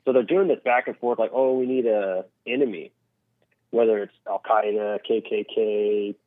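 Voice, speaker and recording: A man's voice: on the low side, fairly even intonation, normal speed, no room sound. A man calling in to a show, rambling casually and acting out voices in his stories. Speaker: caller. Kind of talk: casual call-in chat. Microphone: phone line. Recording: tinny phone line.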